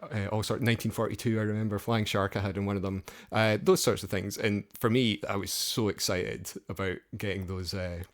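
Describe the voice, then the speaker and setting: A man's voice: fairly low pitch, steady tone, fairly quick, few pauses. A man co-hosting a gaming podcast, chatting casually and telling rambling nostalgic stories with chuckles. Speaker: podcast co-host. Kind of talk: casual chat.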